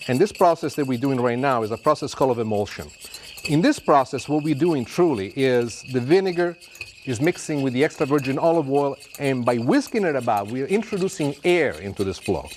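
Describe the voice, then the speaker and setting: A man's voice: medium pitch, animated, brisk, darkish tone, a little hiss or hum. A middle-aged man with an Italian accent hosting a cooking demonstration in a TV kitchen, talking in a playful, theatrical, self-mocking way. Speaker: TV chef host. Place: TV kitchen set. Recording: music playing under the voice.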